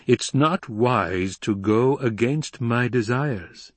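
A man with a husky voice, reading an audiobook and voicing a commanding, threatening male emperor. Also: mid-range voice, takes it slowly, no room sound. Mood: cold command. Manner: commanding, menacing, rising to shouts.

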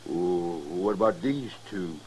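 An actor playing a jumpy outlaw partner who presses urgently to flee, in 1950s radio drama style. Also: male voice, deep voice, slow, darkish tone, breathy edge, heavily acted, poor audio.

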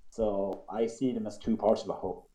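A man's voice: lowish voice, steady tone, fairly quick, dark tone. Dry-joking man in an echoey room. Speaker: podcast co-host. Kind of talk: casual chat among hobby gamers.

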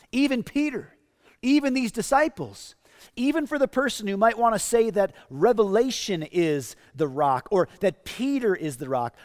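Man, pastor, sermon, emphatic, slightly high voice, long reverb. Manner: earnest, emphatic preaching with paraphrased quotes.

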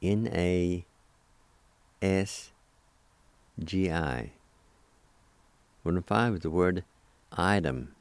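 A man's voice: deep voice, expressive, very slow, long pauses, clean tone, dry recording. A man hosting a radio language lesson, spelling and pronouncing words carefully syllable by syllable and giving friendly reminders to listeners. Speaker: radio host and language teacher.

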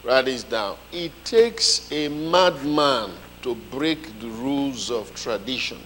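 A man preaching a sermon, telling a story with lively comic voices. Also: medium pitch, slow, long reverb tail, slight background noise, rough recording.

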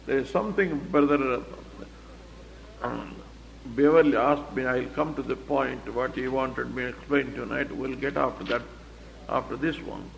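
A man's voice: medium pitch, steady tone, moderate pace, creaky, a little hiss or hum. A man teaching the Bible verse by verse, explaining it plainly and asking rhetorical questions. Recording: echoey hall, dull lo-fi recording.

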